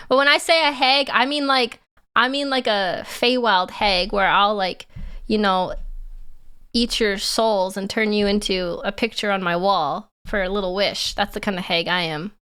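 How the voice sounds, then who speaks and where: A woman's voice: mid-range voice, steady tone, measured pace, sharp tone, smooth. A woman streamer chatting casually and giggling as she sets up a reaction video. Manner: giggly, self-teasing, chatty.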